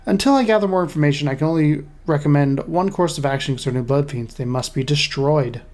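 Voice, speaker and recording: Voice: medium pitch, fast talker, a little mellow, close to an everyday voice. A gamer reading a scholar's journal aloud in a put-on British accent, dramatic and grave. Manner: dramatic, stumbles over hard sentences. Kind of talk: reading in-game lore aloud.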